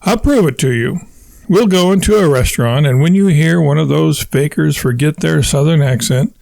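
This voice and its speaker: A man's voice: fairly high pitch, vocal fry, a little mellow, no echo. A man voicing a fussy, blustering middle-aged husband who bluffs and argues his way out of everything in an audiobook. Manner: boastful, argumentative, talks his way out of things. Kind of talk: audiobook character voice.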